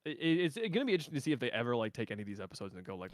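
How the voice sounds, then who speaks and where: A man's voice: medium pitch, big pitch swings, no room sound, clean studio sound. A man co-hosting a casual podcast chat, rambling with lots of fillers. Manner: rapid, rambling, full of fillers and restarts. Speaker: podcast co-host.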